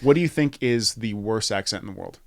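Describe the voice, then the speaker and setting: A man's voice: on the low side, expressive, creaky, dry recording, clean studio sound. A young man co-hosting a podcast in casual chat, a bit tipsy, rambling and swearing freely. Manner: rambling, swears a lot, quick restarts. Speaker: podcast co-host.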